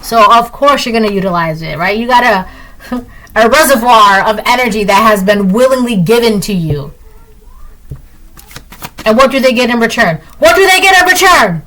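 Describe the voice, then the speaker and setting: A woman's voice: fairly high pitch, moderate pace, pauses often, fairly bright tone, poor audio. A woman giving a casual tarot reading, chatty and repetitive, often ending lines with "right?". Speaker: tarot reader.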